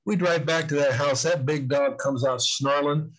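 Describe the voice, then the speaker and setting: Emphatic husky older man. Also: fairly high pitch, steady tone, low-quality recording. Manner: earnest, emphatic, drawn-out stresses on key points. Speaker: guest on spiritual warfare. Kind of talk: storytelling in casual interview.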